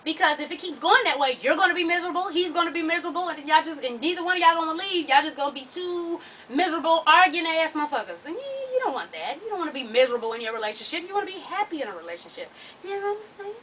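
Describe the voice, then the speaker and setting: A woman's voice: very high-pitched, expressive, racing, a bit bright, far from the mic, a little hiss or hum, poor audio. A woman hosting an advice vlog, talking bluntly and sassily with plenty of profanity. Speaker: advice show host.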